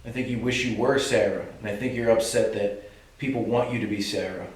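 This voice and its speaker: This Boston man, a ghost hunter, talks fairly quickly in a fairly low voice, calling out to an invisible presence in a calm, earnest, coaxing way. He's indoors in an old building at night, picked up by a distant mic in a heavily echoing room with a faint hiss underneath.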